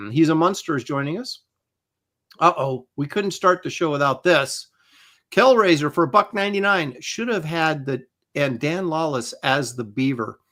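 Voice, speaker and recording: A man's voice: a little high, animated, unhurried, a bit bright. A man in his sixties hosting a livestream, reading out chat names with wry asides. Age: 60s. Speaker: host.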